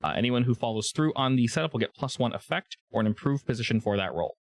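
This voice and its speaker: A man's voice: mid-range voice, lively intonation, quick pace, no room sound. A man running a tabletop role-playing game as game master, explaining rules casually with fillers.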